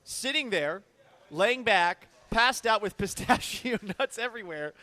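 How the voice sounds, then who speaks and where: A man's voice: high-pitched, expressive, a little slow, pushed and bright, no echo. A man co-hosting a sports radio show, bantering and teasing his partner with frequent laughs, broadcasting from a bar. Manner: teasing, joking, laughs often.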